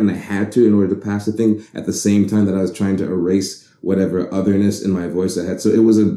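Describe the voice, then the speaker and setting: Deep dark-voiced man, reflective. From Bahamas. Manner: reflective, rambling, frequent restarts. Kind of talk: casual conversation. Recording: roomy echo.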